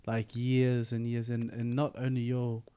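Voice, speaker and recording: A man's voice: mid-range voice, monotone, measured pace, dark tone, clear, resonant tone. Kiwi guy hosting a podcast, mid voice, reflective, lots of um and restarts. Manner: reflective, restarts often, many "um". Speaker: podcast host. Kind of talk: casual interview talk.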